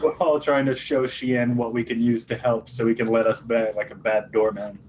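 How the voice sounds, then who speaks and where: A man making joking remarks during a tabletop game, his voice at a middle pitch. Clear background noise sits underneath him throughout the recording. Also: flat delivery, normal speed, a little mellow. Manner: playful, joking asides. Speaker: player. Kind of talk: casual tabletop chat. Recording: noisy background.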